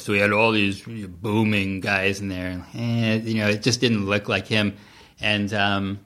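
A man guesting on a podcast interview, telling behind-the-scenes stories in an animated way, with laughing asides and frequent restarts. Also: on the low side, moderate pace. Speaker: TV writer-producer guest. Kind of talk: casual interview storytelling.

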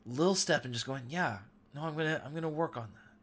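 A man's voice: a little high, quick pace, fairly bright tone. A man in his thirties hosting a devotional talk, sharing an earnest, emotional testimony. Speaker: podcast host.

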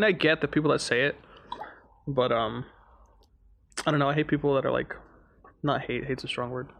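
A man's voice: medium pitch, vocal fry. A man co-hosting a casual podcast, laid-back and swearing casually. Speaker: podcast co-host.

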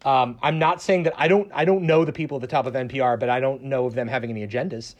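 Speaking quickly in a mid-range voice with fairly even intonation, a Southern American man who works in public radio appears as a panel guest. In this casual discussion he answers a question hesitantly, restarting often and leaning on fillers.

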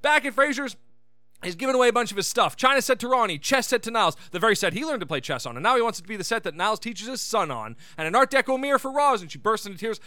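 A man's voice: high voice, lively intonation, very fast, sharp tone, dry recording. A male podcast host giving a rambling, jokey recap of a sitcom episode.

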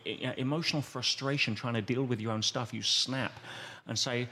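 A man's voice: mid-range voice, normal speed, slight background noise. A man as a podcast guest, explaining at length in a conversational way and acting out quoted voices as he goes. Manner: animated, acts out quoted voices.

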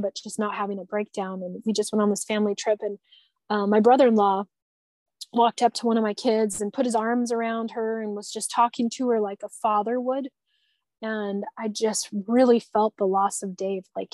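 A woman's voice: fairly high pitch, a little mellow, no echo. A woman sharing personal experiences in a conversation, talking in an earnest, tender way with frequent restarts. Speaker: guest.

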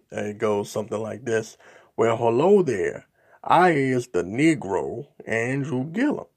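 A man's voice: on the low side, creaky, darkish tone. A man hosting a podcast, reading political news reports aloud and breaking off into his own asides, with frequent "um"s. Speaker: podcast host.

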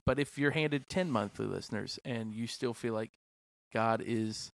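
A man's voice: mid-range voice, moderate pace, vocal fry, no echo. Playful male podcast host, filler-heavy casual chat, dry close mic. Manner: chatty, playful, many fillers like "like".

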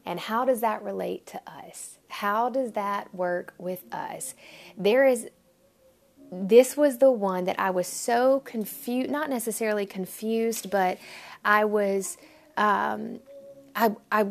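A woman's voice: mid-range voice, slow, gravelly. A woman giving an informal devotional talk to listeners, earnest and rambling, with frequent restarts, at times dropping to a near whisper. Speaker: devotional podcast speaker.

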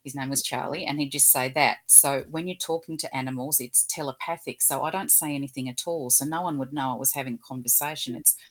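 Woman, very deep voice, animal communicator guest, storytelling, gentle. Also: steady tone, quick pace, few pauses. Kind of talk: casual interview storytelling.

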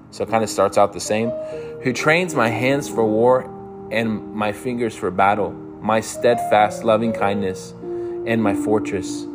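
A man's voice: fairly low pitch, fairly even intonation, unhurried. A man reading psalms aloud and then praying fervently for listeners, like a pastor. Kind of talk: scripture reading and prayer. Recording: music playing behind the voice.

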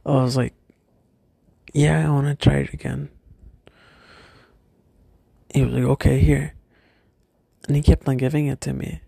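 A young man telling a personal story from his school days, hesitant and halting, often stopping and restarting. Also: mid-range voice, flat delivery, vocal fry, dark tone, breathy edge, no room sound.

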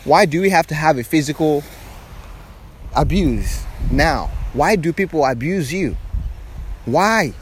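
Man, spiritual monologue, slightly higher voice, rhetorical questions, beach, faint boat hum behind. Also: expressive, unhurried, pauses often. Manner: repetitive rhetorical questions, earnest and preachy. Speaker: spiritual speaker. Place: outdoors on a beach.

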